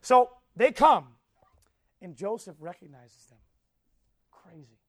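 Male preacher, high voice, lively storyteller who quizzes the room and jumps from hushed to loud. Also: takes it slowly. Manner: animated storytelling, asks the audience questions; swings between soft and loud. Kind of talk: sermon.

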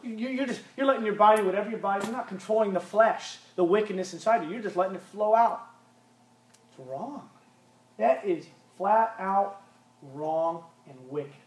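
A man with a high voice preaches to young people in a blunt, emphatic way. He hammers his points by repeating them, alternating between loud pushes and quiet asides. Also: moderate pace, slightly rough. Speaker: youth pastor.

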